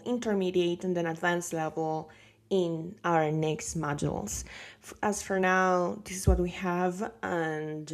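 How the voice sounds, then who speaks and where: A woman teaching a beginner language lesson, patient and explanatory, checking in with "right?" and pausing on fillers. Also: fairly low pitch. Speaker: Spanish teacher.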